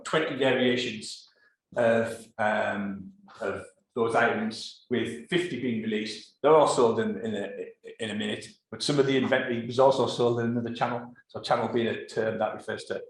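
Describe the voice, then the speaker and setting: A man telling a work story to a live audience in a rambling way, full of fillers and restarts. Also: medium pitch. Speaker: conference speaker. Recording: very echoey room.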